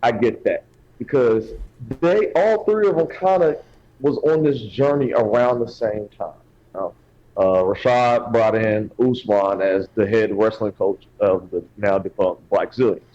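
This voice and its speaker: A man's voice: fairly low pitch, unhurried, mellow. A man co-hosting a casual podcast, arguing his side hesitantly and often repeating words. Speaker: podcast co-host. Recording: dull lo-fi sound.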